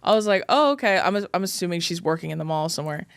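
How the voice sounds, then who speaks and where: A woman's voice: fairly low pitch, fast talker, dry recording, clean studio sound. A woman hosting a podcast, telling stories in casual chat, acting out what people said to her and laughing often. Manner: animated storyteller, acts out quoted people, laughs often. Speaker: podcast host.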